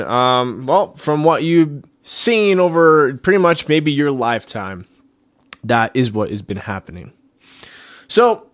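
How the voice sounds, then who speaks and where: A man's voice: medium pitch, dry recording, studio quality. Emphatic man ranting his opinions. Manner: emphatic, repetitive, preachy. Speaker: political commentary host. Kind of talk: opinion monologue.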